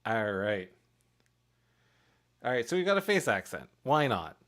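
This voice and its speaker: A man's voice: medium pitch, big pitch swings, unhurried, a bit bright. A man casually narrating his work on a live stream, thinking aloud and chuckling at his own mistakes. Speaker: streamer making pixel art for a game.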